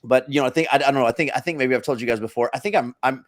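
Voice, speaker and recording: A man's voice: medium pitch, racing. A man co-hosting a podcast, telling a long story in a rambling, self-interrupting casual chat. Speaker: podcast co-host.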